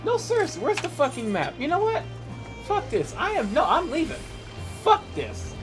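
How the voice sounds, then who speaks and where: A woman's voice: sits high, wildly swooping pitch, moderate pace. Woman ranting and swearing over a game. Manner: irritated ranting, heavy swearing. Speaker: gaming streamer. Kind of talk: live game commentary. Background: game music.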